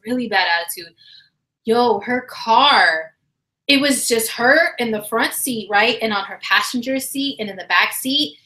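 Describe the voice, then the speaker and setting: A woman with a slightly hoarse, somewhat high voice hosts an astrology livestream chat, captured on a rough recording. She tells a story in a casual, animated, slangy style and acts out the quotes.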